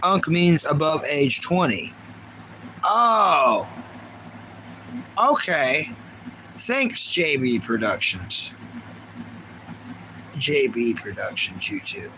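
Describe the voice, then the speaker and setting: This thirty-something livestreamer rambles chattily through viewer comments, often restarting his sentences. He speaks slowly with frequent pauses, his medium-pitched voice bright and forceful with lively intonation, over slight background noise.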